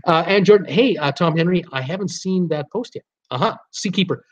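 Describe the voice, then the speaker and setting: Man, livestream host, casual chatty delivery, fairly high voice, dull lo-fi audio. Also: fairly quick, slight background noise. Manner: chatty, stumbles over names. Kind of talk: casual livestream, reading viewer comments.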